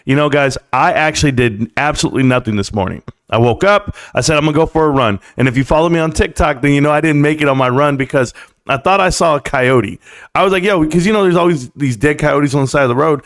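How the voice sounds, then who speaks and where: A man hosting a live stream, talking casually and emphatically about the stock market and telling quick stories. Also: fairly high pitch. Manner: chatty, storytelling, emphatic.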